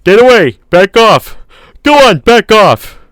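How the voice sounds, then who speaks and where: A man reading an audiobook, voicing a panicked grown man who yells at the top of his lungs at a dinosaur. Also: high voice, sing-song, slow, no room sound, voice pushed up, heavily acted. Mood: frantic shouting.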